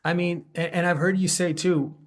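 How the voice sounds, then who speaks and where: A man's voice: high-pitched, flat delivery, moderate pace. A man hosting a podcast interview, giving brief agreeing responses before asking a question. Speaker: podcast host. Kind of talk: casual interview chat.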